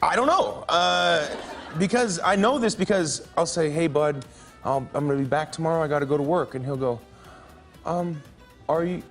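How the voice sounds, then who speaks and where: A man's voice: a little high, normal speed, faint music behind. A man telling a playful story with plenty of laughing. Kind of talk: casual anecdote.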